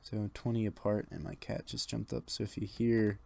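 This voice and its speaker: A man's voice: lowish voice, steady tone, moderate pace, gravelly, darkish tone. A young man casually commentating while he builds in a game, counting blocks under his breath and drifting into rambling asides. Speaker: let's play builder.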